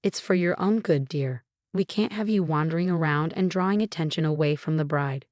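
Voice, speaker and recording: A woman voicing a cold, snobbish older mother-in-law who talks smoothly and dismissively. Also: sits low, brisk, darkish tone, dry recording, studio quality, close to an everyday voice.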